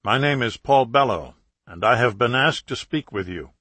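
A man voicing a calm, measured male psychiatrist negotiator in an audiobook. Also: mid-range voice, slightly rough, no echo. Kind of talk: audiobook character voice.

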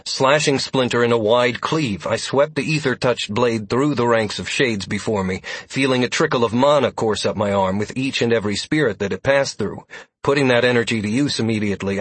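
A man narrating a fantasy adventure in first person, in a steady storytelling manner. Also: medium pitch, husky, no echo. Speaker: audiobook narrator.

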